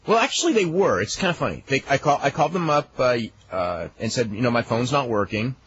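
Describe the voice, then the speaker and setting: A man's voice: medium pitch, fast talker. Rambling male talk radio host. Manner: relaxed, rambling, chuckles while telling stories. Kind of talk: casual talk radio chat. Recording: dull lo-fi archive radio with faint hiss.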